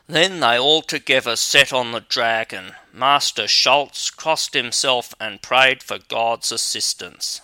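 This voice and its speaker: Slow, bright-voiced male storyteller. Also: mid-range voice, no echo. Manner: measured, even reading. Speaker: audiobook reader. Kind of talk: storybook narration.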